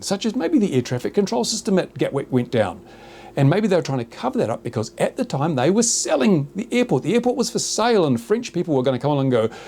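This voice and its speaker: A man's voice: mid-range voice, a little mellow, slight background noise. Sarcastic New Zealand man ranting. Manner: sarcastic, exaggerated. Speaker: YouTuber host. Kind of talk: casual ranting chat. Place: small rural workshop studio.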